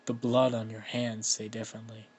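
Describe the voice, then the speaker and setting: A man's voice: fairly low pitch, monotone, normal speed, a little mellow, husky. A man doing a sarcastic twelve-year-old girl. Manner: sarcastic, teasing.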